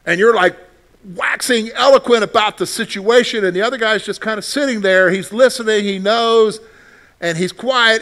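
A male pastor with a high-pitched voice delivers a sermon. He talks animatedly, jumping from loud bursts to hushed, gentle lines. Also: moderate pace. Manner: animated, swings from loud outbursts to soft quiet lines.

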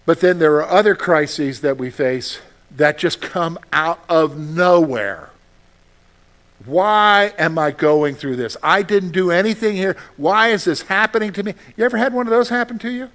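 A male pastor preaching a sermon, animated, with frequent rhetorical questions to his listeners. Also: high voice, moderate pace.

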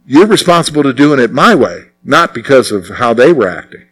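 A man's voice: mid-range voice, big pitch swings, normal speed, slightly rough, rough recording. A male preacher giving a conversational sermon, full of rhetorical questions and emphatic repetition. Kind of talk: expository sermon.

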